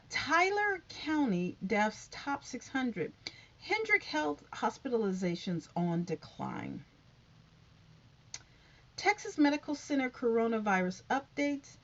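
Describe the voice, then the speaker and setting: Woman vlogger, lively sing-song delivery, chatty headline reader, muffled lo-fi recording. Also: medium pitch. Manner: reads headlines aloud with chatty asides. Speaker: YouTube covid news host. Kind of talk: casual news read-through to viewers. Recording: dull lo-fi sound.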